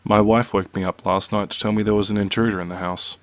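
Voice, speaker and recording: A man reading out short horror stories in a slow, measured narration. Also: fairly low pitch, level tone, no room sound. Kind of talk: reading scary two-sentence stories.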